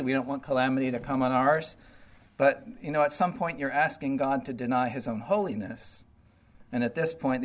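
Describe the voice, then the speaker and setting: A man's voice: medium pitch, poor audio. A man giving an informal verse-by-verse Bible teaching, talking conversationally and often paraphrasing God's words in a blunt, sarcastic tone. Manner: conversational, full of "you know" and "okay".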